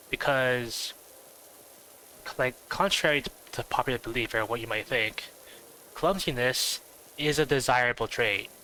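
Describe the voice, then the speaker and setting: A man with a nasal voice chatting casually on a stream, rambling and thinking out loud with lots of fillers. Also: medium pitch, a little hiss or hum, rough recording.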